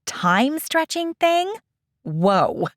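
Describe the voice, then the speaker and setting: Impatient young woman trainee, heated and exasperated, as a narrator puts her on; lively, raised pitch. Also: a little slow, dry recording, studio quality. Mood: frustrated, pleading. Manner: heated, exasperated, higher and louder.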